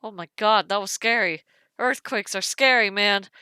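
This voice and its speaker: Bright, excitable young woman streamer. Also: medium pitch, normal speed, clear, resonant tone, no echo, clean studio sound. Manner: excitable, loud reactions. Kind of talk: live game commentary.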